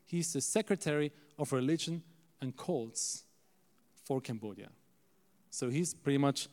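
A male preacher telling a story in an animated sermon, calling out to the audience for amens. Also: mid-range voice. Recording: echoey hall.

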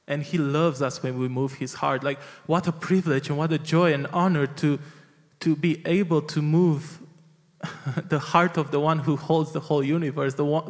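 A man's voice: a little high, big-room sound. A man preaching a sermon in an earnest, heartfelt way, often restarting his phrases.

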